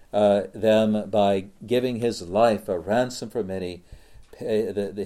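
A man preaching a sermon, slow and deliberate, repeating phrases for emphasis. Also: lowish voice, dark tone.

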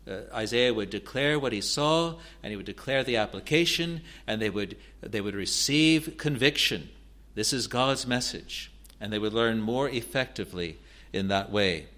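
A man with a mid-range, slightly bright voice teaches through Bible verses haltingly, restarting and repeating words often. When he reads scripture aloud, his emphasis builds.

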